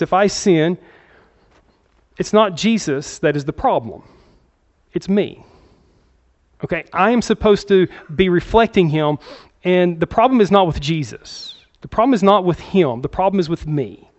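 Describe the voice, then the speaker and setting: Male pastor, conversational sermon delivery with frequent check-ins, fairly high voice, muffled recording. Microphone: handheld microphone.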